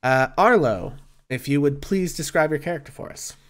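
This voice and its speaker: Smooth-voiced male game master. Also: on the high side, expressive, normal speed, fairly bright tone. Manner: descriptive, many fillers. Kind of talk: narrating a tabletop game.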